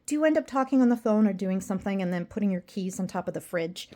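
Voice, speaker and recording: A woman's voice: mid-range voice, expressive, quick pace, mellow. A woman talking casually to her viewers at home in a video diary, rambling and self-deprecating, and tired. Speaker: vlogger.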